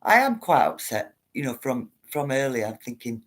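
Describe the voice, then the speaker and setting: A woman's voice: very deep voice, sing-song, normal speed. A woman hosting a casual livestream, chatting to her viewers in a rambling way and reading their comments aloud. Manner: chatty, rambling, addresses viewers as guys and love.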